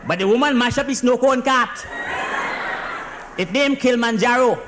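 A man with a Trinidadian accent and a fairly high voice tells a comic story as a driving instructor talking to his boss on the phone. He speaks in dialect, tumbles excitedly from one disaster to the next, and tacks a polite "sir" onto nearly every phrase. A faint noise hum sits behind him. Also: normal speed. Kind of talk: comic monologue as one side of a phone call.

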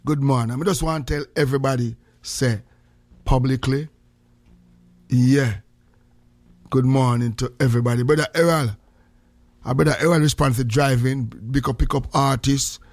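A man's voice: mid-range voice, fairly even intonation, normal speed, long pauses, no room sound. A man with a Jamaican accent hosting a casual morning radio show, joking in heavy patois and greeting listeners. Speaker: radio host.

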